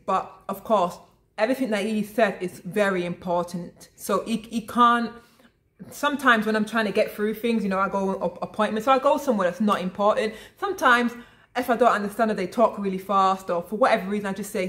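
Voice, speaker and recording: A woman's voice: medium pitch, normal speed. A woman vlogger chatting casually to camera, calling her viewers "guys" and often restarting her sentences. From lives abroad in Italy. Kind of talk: casual vlog chat to camera.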